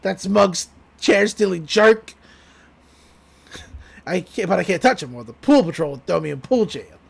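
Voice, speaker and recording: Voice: medium pitch, lively intonation, measured pace, gravelly, husky, heavily acted. A podcast host voicing a grumpy, scheming older man who mutters.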